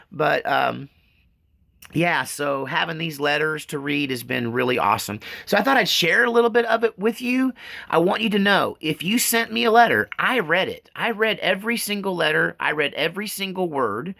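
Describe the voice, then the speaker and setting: A man's voice: a little high, vocal fry, sharp tone. A middle-aged man, talking to camera in a folksy, rambling way and often choking up. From Texas. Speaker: vlogger reading fan mail. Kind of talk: casual, heartfelt talk to camera. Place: rural land outdoors.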